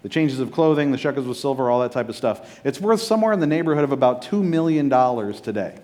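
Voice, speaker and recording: A man's voice: mid-range voice, very animated, fast, dark tone. A man preaching a sermon as pastor, casual and joking, often checking in with his listeners.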